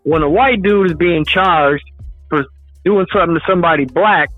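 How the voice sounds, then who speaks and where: A man calling in to a talk show, explaining things in a steady way. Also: on the high side, normal speed, dry recording. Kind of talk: casual talk show chat. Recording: tinny phone line with music behind.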